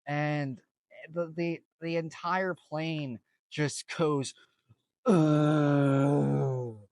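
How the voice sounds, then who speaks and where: Slow, rambling male storyteller. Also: fairly high pitch, fairly even intonation, smooth, no echo. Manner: rambling, full of slang and restarts. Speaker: vlogger. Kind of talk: casual storytime.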